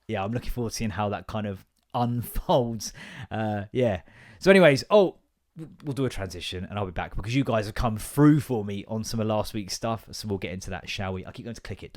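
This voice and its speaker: A man, hosting a casual comedic podcast monologue in a rambling, swearing, self-mocking way. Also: fairly low pitch. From England. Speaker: podcast host.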